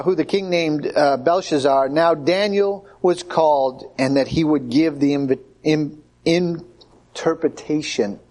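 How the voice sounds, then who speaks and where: A man's voice: a little high, a little mellow. A man preaching a conversational sermon, acting out the voices of Bible figures.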